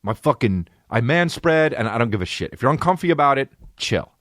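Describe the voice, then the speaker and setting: A man's voice: mid-range voice, lively intonation, brisk, a bit bright, dry recording, clean studio sound. A man in his thirties hosting a comedy podcast, telling a profane story that builds into a ranting mock outrage. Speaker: podcast host.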